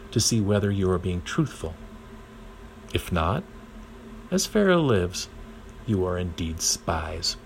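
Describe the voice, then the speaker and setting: Guy reading bible chapters aloud, low steady voice, bit of faint noise behind. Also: gravelly, rough recording. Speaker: reader. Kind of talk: scripture reading.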